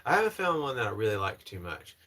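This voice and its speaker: A man's voice: on the low side, very animated, fast, sharp tone. Young man from North Carolina chatting. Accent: Southern American. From North Carolina, USA. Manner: polished presenter voice, answering chat comments. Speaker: livestream host. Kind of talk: casual livestream chat.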